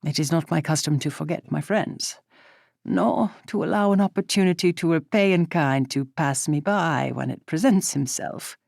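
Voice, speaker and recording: A woman voicing a gentle courteous gentleman. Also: deep voice, normal speed, gravelly, no echo, studio quality. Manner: polite, formal Regency speech.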